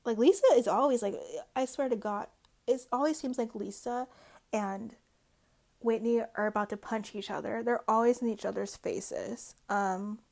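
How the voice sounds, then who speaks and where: A woman recapping a reality show in loose, casual chat, her speech full of "like" and "um". Her voice sits a little high and often drops into a gravelly vocal fry. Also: fairly even intonation, moderate pace, darkish tone. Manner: chatty, peppered with "like" and "um".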